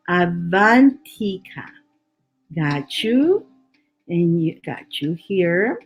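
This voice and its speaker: Slow-talking tarot reader woman, laughing. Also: lowish voice, darkish tone, highs cut off. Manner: laughing often, chatty with viewers. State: voice worn from laughing. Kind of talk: live stream reading.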